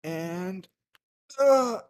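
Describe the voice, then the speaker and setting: A man's voice: sits high, expressive, extremely slow, clear, resonant tone, dry recording. Chatty, rambling man on a game stream. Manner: rambling and chatty, laughs often, many fillers. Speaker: livestreamer playing a game. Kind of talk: casual game-stream chat.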